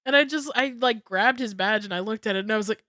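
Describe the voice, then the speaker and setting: A young woman streamer telling a story in casual chat, excitable and swearing freely. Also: fairly high pitch, dry recording, clean studio sound.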